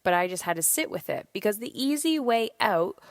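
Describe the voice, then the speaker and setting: A woman in her thirties hosting a podcast, telling a story in a candid, animated way and swearing freely. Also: mid-range voice, a little fast, no echo, studio quality. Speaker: podcast host. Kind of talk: casual solo monologue.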